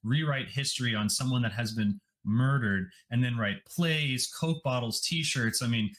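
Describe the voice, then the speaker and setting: A man's voice: medium pitch, a little slow, a bit bright. Male host, mid-range voice, fervent and long-winded commentary. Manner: fervent, long run-on statements. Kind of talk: conversational interview commentary.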